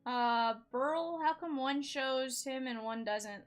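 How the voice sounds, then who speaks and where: A woman's voice: high voice, slow, soft background music. A woman hosting a live card break stream, chatty and upbeat, talking straight to her viewers.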